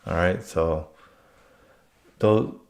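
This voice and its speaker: A man's voice: low-pitched, very slow. A man telling work stories in a casual monologue, blunt and rambling, swearing freely.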